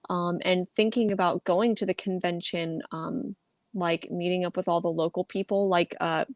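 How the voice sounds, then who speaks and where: A woman's voice: fairly low pitch, fairly even intonation, normal speed, no echo. A young adult woman, a guest YouTuber, chatting earnestly and thinking aloud with frequent ums. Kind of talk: casual chat.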